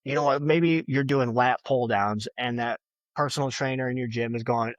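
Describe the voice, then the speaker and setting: Man, podcast guest, emphatic, motivational, mid-range pitch. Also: fairly even intonation, normal speed, dry recording. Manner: emphatic, motivational, leans on "like" and "you know". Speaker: podcast guest, fitness and bodybuilding figure. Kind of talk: casual interview talk.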